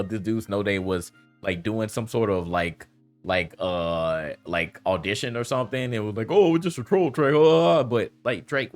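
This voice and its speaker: A man with a fairly low voice holds forth in a loose, slang-filled commentary rant. He laughs often and circles back over his points with casual fillers. Faint music sits quietly behind him. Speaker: commentary vlogger.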